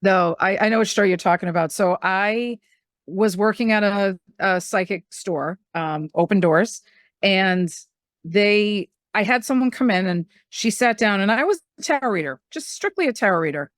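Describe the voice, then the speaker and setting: A middle-aged woman, a medium and spiritual teacher, telling stories in a casual, animated way and acting out the voices she quotes. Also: medium pitch, moderate pace, no echo, studio quality. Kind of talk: casual storytelling conversation.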